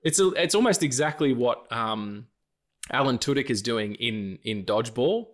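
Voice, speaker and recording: Sweary late-30s man, lively voice. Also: mid-range voice, moderate pace. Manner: loose, sweary, rambling with restarts and laughs. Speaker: podcast co-host. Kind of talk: casual chat.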